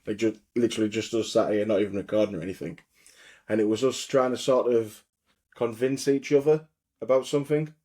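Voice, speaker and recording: A man's voice: lowish voice, fairly even intonation, fairly quick, mellow. A man, a podcast guest talking casually and hedging with "I mean" and "like I said". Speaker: podcast guest and co-host of another show. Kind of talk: casual interview chat.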